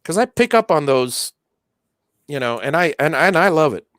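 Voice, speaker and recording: A man's voice: a little high, very animated, moderate pace, a bit bright, no echo, clean studio sound. A man hosting a casual livestream, chatting while he solders, with many restarts and fillers. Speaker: livestream host.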